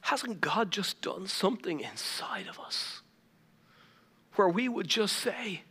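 A man's voice: sits high, lively intonation, slow, sharp tone, slightly rough. A middle-aged man with an Irish accent preaching a sermon as lead pastor, telling humorous stories and laughing at himself. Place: large church auditorium. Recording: long reverb of a large church hall.

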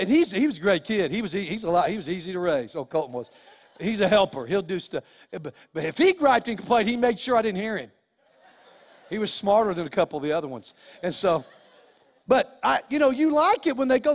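A middle-aged male pastor with a fairly high voice preaches emphatically, circling back on his points with folksy asides. His voice rings with the long reverb of a church sanctuary. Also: lively intonation, a little fast. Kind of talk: sermon.

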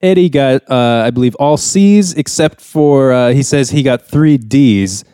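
A young man chatting on a podcast, retelling a sitcom episode in a loose, rambling way and jumping into the characters' lines. His voice sits at an ordinary mid pitch. The sound is dry and close. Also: measured pace, warm tone, smooth, no echo. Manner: rambling storyteller, acts out characters' lines with raised voice. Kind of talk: casual chat.

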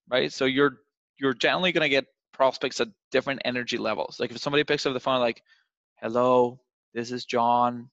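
A young man teaching cold calling in an animated coaching voice. He jumps into little acted phone calls to show each point. The sound is dry and close, a bit dull and lo-fi. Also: mid-range voice, dry recording. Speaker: sales trainer.

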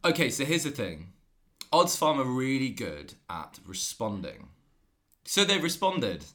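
A man's voice: medium pitch, very animated, a little slow, bright, forceful tone. A man co-hosting a podcast in casual comedic chat, reading reviews aloud and laughing often. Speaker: podcast co-host.

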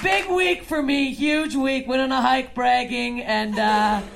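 Gravelly high-voiced woman doing stand-up. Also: measured pace, over a noisy crowd, very noisy. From Canada. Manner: deadpan, swinging between low mutters and loud shouts. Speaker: stand-up comic. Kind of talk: stand-up set. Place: comedy club stage.

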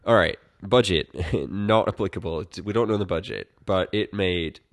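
A man's voice: low-pitched, moderate pace, no room sound. A man co-hosting a casual film-review podcast, rambling and swearing as he retells the plot. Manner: rambling, profane, acts out characters in quotes. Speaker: podcast co-host.

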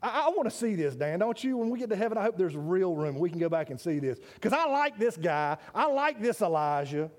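A man preaching a sermon in an animated way, calling out to listeners by name and stumbling over quick restarts. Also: high voice.

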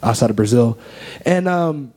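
Earnest young man, mellow voice. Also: medium pitch, expressive, normal speed. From United States. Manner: earnest, heartfelt storytelling. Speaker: guest. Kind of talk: personal faith testimony in an interview.

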